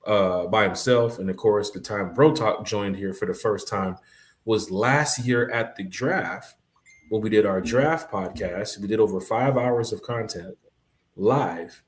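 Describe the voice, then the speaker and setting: A man with a fairly low voice hosts a casual sports podcast in a roomy space that echoes around him. He talks in a laid-back way and gives shout-outs to his viewers. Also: unhurried. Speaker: podcast co-host.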